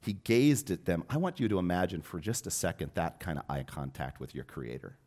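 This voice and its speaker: A man preaching a sermon as pastor, telling a personal story and rising from hushed, tender moments to loud, impassioned appeals. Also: very deep voice, expressive, brisk.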